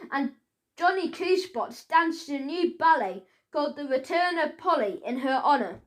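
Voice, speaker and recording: A woman reads a children's audiobook aloud, playful and expressive. Her voice sits high and she takes her time over each line. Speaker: audiobook reader.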